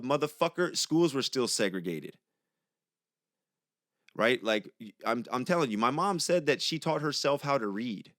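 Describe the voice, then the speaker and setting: A man's voice: mid-range voice, lively intonation, normal speed, a bit bright, no echo, clean studio sound. A young man hosting a podcast, talking in a heated, profane, conversational monologue. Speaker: podcast host. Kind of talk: casual monologue.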